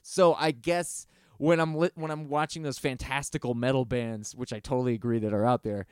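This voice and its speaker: A man co-hosting a podcast, talking through a music review in a casual, animated, profane way, often stopping and restarting mid-sentence. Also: medium pitch, brisk, smooth, no room sound, studio quality. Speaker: podcast co-host.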